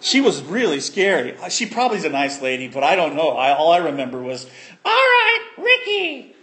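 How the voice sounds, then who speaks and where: Lively high-voiced preacher telling a story. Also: male voice, fast talker. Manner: animated storytelling with acted-out voices and sound effects. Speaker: pastor. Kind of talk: sermon.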